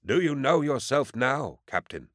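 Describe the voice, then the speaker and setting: A man voicing an elderly, fearful male iterator who speaks in anxious, high-pitched questions. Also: big pitch swings, unhurried, fairly bright tone, no echo, clean studio sound. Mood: alarmed.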